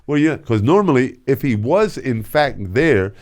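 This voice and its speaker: An older man who used to host radio tells stories casually in a mid-range voice, very animated though a little slow. He slips into different voices and sound effects as he goes.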